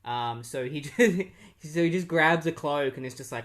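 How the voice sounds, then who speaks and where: A man's voice: a little high, moderate pace, few pauses, a bit bright. Rambling man recapping a comic. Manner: rambling, filler-heavy storytelling. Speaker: comic book reviewer. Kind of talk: casual plot recap.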